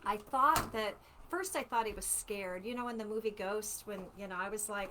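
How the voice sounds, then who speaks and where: A woman in her sixties, an author chatting casually with viewers on a home livestream, animated and chatty. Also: mid-range voice, moderate pace, few pauses, slight background noise. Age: 60s. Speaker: author hosting a live book launch.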